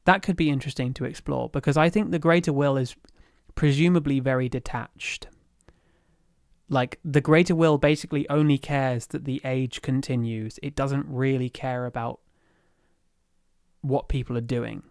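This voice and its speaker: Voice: mid-range voice, steady tone, moderate pace, gravelly, darkish tone, no room sound, studio quality. A livestream host chatting casually at home, rambling and easily sidetracked, thinking aloud with many fillers and restarts. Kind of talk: casual lore chat on a livestream.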